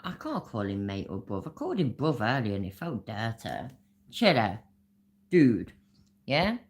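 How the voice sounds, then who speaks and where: A woman's voice: a bass voice, wildly swooping pitch, moderate pace. A woman hosting a reaction commentary, mocking and sarcastic, swearing freely. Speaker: channel host.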